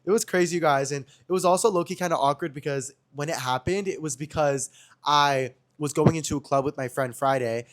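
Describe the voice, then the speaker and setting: A young man hosts a casual podcast and races through gossip stories, slangy and chatty, talking straight to his viewers. His voice sits a little high for a man, and he rarely slows down. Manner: slangy, chatty, addresses viewers as guys and chat. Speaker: podcast host.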